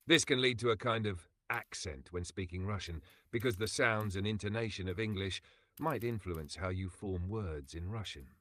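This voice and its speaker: A synthetic male voice assistant giving calm, patient explanations in a smooth, even manner. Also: on the low side, normal speed, dry recording. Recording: game sounds loud behind the voice.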